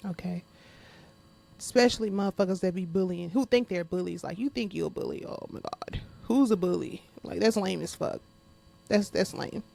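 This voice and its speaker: A woman's voice: lowish voice, moderate pace, vocal fry, darkish tone. A woman hosting her podcast in a casual monologue. She talks bluntly with lots of profanity, speaks straight to her listeners and often laughs while venting. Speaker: podcast host.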